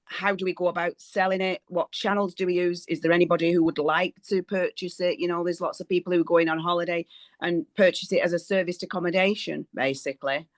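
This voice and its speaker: A woman's voice: fairly low pitch, fairly even intonation, dry recording. A woman caller joins an online property session over a dry, close line. She asks her question hesitantly, stopping and restarting. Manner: hesitant, halting. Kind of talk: casual question on a call. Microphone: video call.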